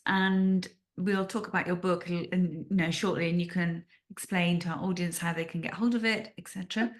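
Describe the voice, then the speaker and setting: A woman hosting a podcast interview, asking questions and restating answers with searching pauses. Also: mid-range voice. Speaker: podcast host.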